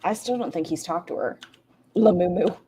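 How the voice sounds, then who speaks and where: Sarcastic, low-voiced woman streamer. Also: moderate pace, dark tone, slightly rough. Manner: sarcastic, swears freely, talks to chat. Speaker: reaction streamer. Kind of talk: casual live-stream commentary.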